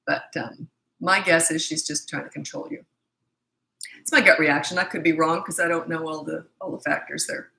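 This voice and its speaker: A woman's voice: low voice, steady tone, moderate pace, gravelly, sharp tone, a little hiss or hum. A middle-aged woman parenting coach answering viewer questions in a live Q&A, blunt, confident and emphatic. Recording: echoey room.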